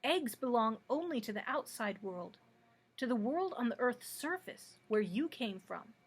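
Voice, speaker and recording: A woman voicing a small, hot-tempered male gnome king who blusters and yells, in a husky voice. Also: on the high side, sing-song, measured pace, exaggerated voice. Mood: blustering. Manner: blustering, yelling.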